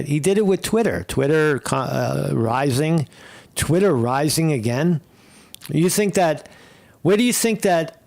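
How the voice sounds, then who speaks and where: A man's voice: medium pitch, vocal fry, darkish tone. A man hosting a casual political commentary stream, rambling and blunt with frequent swearing. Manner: blunt, profane, rambling opinions. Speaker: host.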